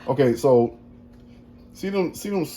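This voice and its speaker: Relaxed, mellow-voiced man hosting a cooking show. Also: on the high side, measured pace. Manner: folksy, chatty, addresses viewers as y'all. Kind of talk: casual cooking demonstration. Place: kitchen.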